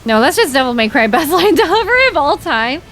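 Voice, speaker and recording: A woman's voice: high voice, a little fast, a little hiss or hum. Chatty, giggly young woman streaming a game. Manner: chatty, giggly, animated, with many fillers like "like". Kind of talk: casual chat while livestreaming a game.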